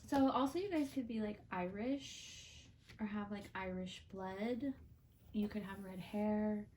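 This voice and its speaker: A woman's voice: mid-range voice, unhurried, darkish tone, recorded from a distance, a little hiss or hum. A woman giving a casual, heartfelt tarot reading, chatty and full of fillers. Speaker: tarot card reader and channel host.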